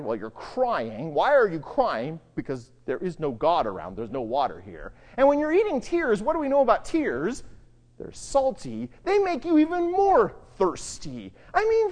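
A Bible teacher lecturing on the Psalms, reading verses slowly and then explaining them in a dramatic, conversational way, dropping to hushed low phrases for emphasis. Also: in a large hall. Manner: reads scripture slowly, then comments conversationally.

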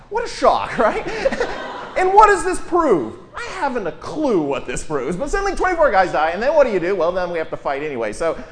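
Animated man telling a Bible story. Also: sits high. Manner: lively, wry storytelling with quoted voices. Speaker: lecturer. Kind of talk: informal Bible lecture.

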